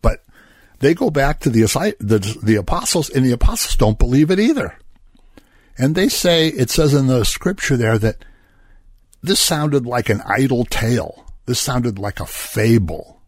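A man's voice: mid-range voice, sing-song, moderate pace, no echo, clean studio sound. A man preaching a Bible-study sermon in a conversational way, asking rhetorical questions and chuckling between points.

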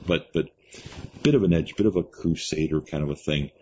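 A man's voice: a bass voice, a little fast, a little mellow. An older man, an interview guest, sharing a personal faith testimony in an earnest storytelling way, often laughing and repeating words. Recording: slightly muffled recording with faint hiss.

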